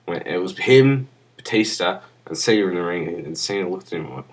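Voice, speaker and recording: A man's voice: sits low, quick pace, few pauses. A young man rambling crudely and profanely into a webcam in a casual vlog, sounding drunk. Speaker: vlogger.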